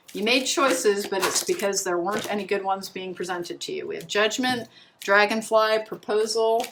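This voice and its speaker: A woman's voice: mid-range voice, fairly bright tone, slight background noise, low-quality recording. A woman doing a pick-a-card tarot reading in a chatty, meandering way, full of restarts and fillers. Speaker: tarot reader.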